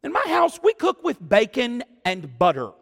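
A male pastor delivers an animated sermon in a strikingly high voice with a gravelly edge. His pitch leaps around as he exclaims and acts out the quotes. A long reverb from the church hall trails every phrase. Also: moderate pace.

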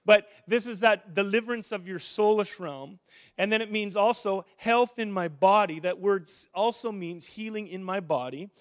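Guy preaching, kinda high voice, chatty and fired up, keeps restarting lines. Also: moderate pace. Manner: animated, conversational preaching with restarts. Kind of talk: sermon.

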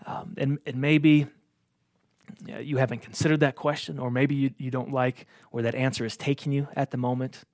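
A man's voice: medium pitch, little pitch movement, normal speed, darkish tone, no room sound, clean studio sound. A man preaching a sermon as a pastor, reading a story aloud and then earnestly asking his listeners direct questions.

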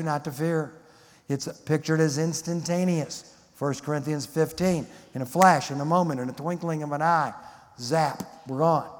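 A man teaching a Bible lecture in a sermon style, emphatic and fond of rhetorical questions. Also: on the high side. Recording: long hall reverb.

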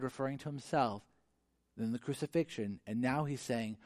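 A man preaching a sermon in an animated, conversational way, often restarting his sentences. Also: medium pitch, brisk, no echo, clean studio sound. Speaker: pastor.

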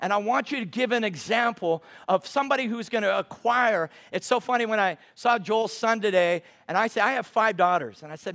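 A middle-aged man giving a sermon as a guest preacher, emphatic, slowing down to quote scripture. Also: sits high, fairly bright tone.

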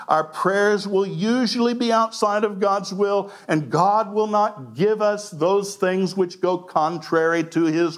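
A man preaching a sermon as pastor, animated, laughing often and acting out quoted lines. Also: high voice.

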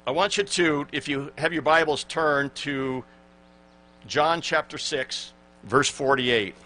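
Bright-voiced man in his sixties preaching. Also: fairly high pitch, slow pace. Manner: earnest, emphatic preaching with quoted scripture. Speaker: pastor. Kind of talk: sermon.

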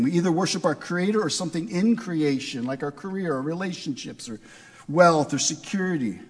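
Husky preacher in a reverberant hall. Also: male voice, fairly high pitch. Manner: conversational preaching with rhetorical questions. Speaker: pastor. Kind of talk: sermon.

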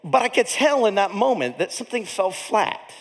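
A male pastor preaching a storytelling sermon, animated and comic, with big swings in volume. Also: sits high, normal speed, long reverb tail.

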